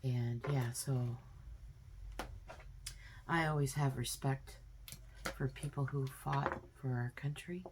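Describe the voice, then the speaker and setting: A woman's voice: rumbling low, fairly even intonation, slow, long pauses, a little mellow, slight background noise. A woman at home in her kitchen, giving a chatty, homey step-by-step cooking demonstration with plenty of fillers. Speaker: home cook vlogger.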